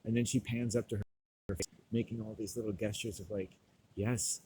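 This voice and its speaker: A stoned man delivering a rambling, profane monologue, loud and laughing often. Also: fairly low pitch, steady tone, fast talker, a little hiss or hum, poor audio. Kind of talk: profane ranting monologue to camera.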